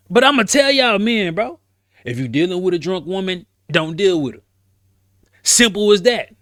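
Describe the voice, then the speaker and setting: A man's voice: sits high, bright, forceful tone, no echo, studio quality. A man hosting a casual commentary show, talking bluntly and emphatically in slang, often repeating words as he rants. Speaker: commentary host.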